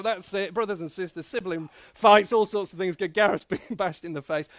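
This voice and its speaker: Energetic pastor, high voice. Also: male voice, dry recording, studio quality. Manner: energetic, coaxing the congregation to join in; drawn-out emphasis on key phrases. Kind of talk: lively all-age sermon. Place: church service.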